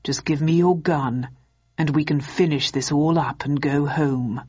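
A woman voicing a genial, menacing male villain who speaks slowly and persuasively. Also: steady tone, warm tone, breathy edge, no echo, dull audio. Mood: smug. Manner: slow, low and persuasive.

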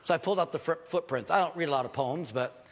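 A man's voice: on the high side, quick pace. An older man preaching a sermon as pastor in church, earnest and emphatic, repeating key phrases. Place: church sanctuary. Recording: long hall reverb.

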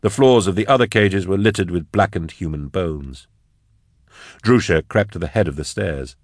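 Man, very deep voice, audiobook narration, measured, dry close studio sound. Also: dry recording. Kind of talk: scripted fiction narration.

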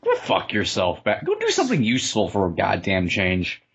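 A man's voice: sits low, huge pitch swings, normal speed, a bit bright, husky. A man co-hosting a comedy podcast, heckling the story with sarcastic, profane commentary. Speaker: podcast co-host. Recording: slightly dull lo-fi sound.

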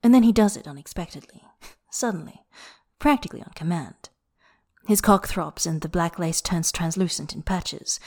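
A woman reads erotic fiction aloud in a soft, close, intimate voice that slips into whispers. Her pitch sits slightly low and her delivery stays unhurried. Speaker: narrator.

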